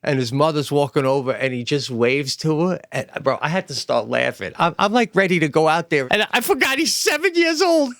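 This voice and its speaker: A man in his forties co-hosting a podcast, telling stories in an animated, profane way in casual chat. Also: on the high side, fairly quick, few pauses, dry recording, clean studio sound. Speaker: podcast co-host.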